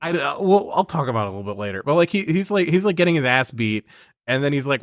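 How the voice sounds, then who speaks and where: A man co-hosting a podcast, riffing on a film in a casual, animated way, often laughing in disbelief. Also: fairly high pitch, fast, no echo, studio quality. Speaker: podcast co-host. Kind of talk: casual movie recap chat.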